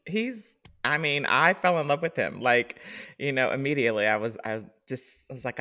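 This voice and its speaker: Woman cohost, bright sharp voice, teasing and laughing a lot, pitch all over. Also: moderate pace. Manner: teasing, laughs often, expressive. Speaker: podcast co-host. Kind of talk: casual chat.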